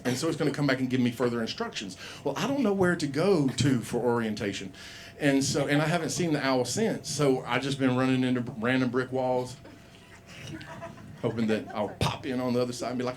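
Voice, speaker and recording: A man's voice: medium pitch, a little fast. Rambling, profane man doing stand-up. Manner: rambling, profane, laughs at own jokes. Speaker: stand-up comedian. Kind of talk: open mic stand-up. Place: small comedy bar.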